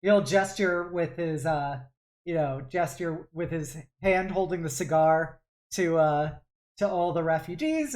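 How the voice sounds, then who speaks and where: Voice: mid-range voice, measured pace, a little mellow. A game master narrating a tabletop game in a hesitant way, with many fillers.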